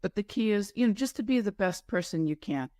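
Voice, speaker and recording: This guest entrepreneur from New York talks a little fast and animatedly in a mid-range, darkish voice. Her casual interview story wanders, packed with asides and corrections of herself, and the recording is dry and studio-clean.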